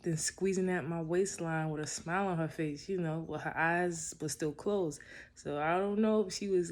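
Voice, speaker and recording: A man's voice: fairly high pitch, fairly even intonation, moderate pace, darkish tone. A young man casually telling a personal love story in a laid-back way, full of little verbal fillers. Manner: laid-back, peppered with "you know".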